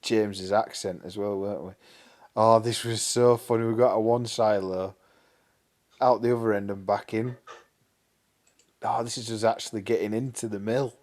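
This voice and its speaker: A man's voice: fairly low pitch, fairly even intonation, normal speed, long pauses, a little mellow. A man, co-hosting a casual chat and reminiscing with frequent laughs and tag questions. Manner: chatty, laughs a lot, asks for agreement with tag questions. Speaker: podcast co-host.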